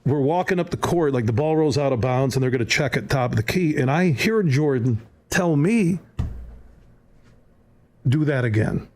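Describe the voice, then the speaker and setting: A man's voice: a little high, fairly quick, few pauses. A man on a podcast telling a story with energy and acting out the other people in it. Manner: lively anecdote-teller, acts out voices. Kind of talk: animated storytelling.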